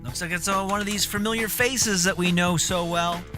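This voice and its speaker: A man's voice: sits high, fairly even intonation, normal speed, music in the background. A man hosting a live stream, giving casual, crude, joking commentary with laughing asides.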